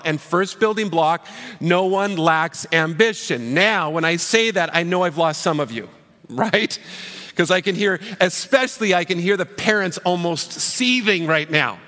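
A man's voice: sits high, a bit bright, big-room sound. A man preaching a sermon as pastor, conversational, with rhetorical questions.

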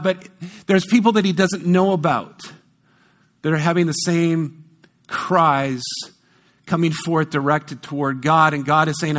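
Emphatic high-voiced male preacher. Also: steady tone, normal speed, a bit bright. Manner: emphatic, repeats key words for stress; self-correcting, conversational asides. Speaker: pastor. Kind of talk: sermon.

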